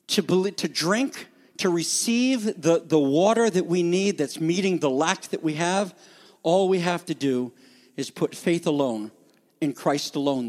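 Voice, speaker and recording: Animated high-voiced male preacher. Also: measured pace. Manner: animated, jokey, varies loudness for emphasis. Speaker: pastor. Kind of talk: sermon.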